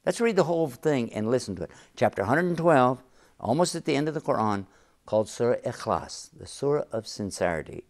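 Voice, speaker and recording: A sheikh appearing as a guest on a show explains his faith in a mid-range male voice, animated and a little fast. The religious teaching comes across as earnest and emphatic, with key phrases repeated during the interview.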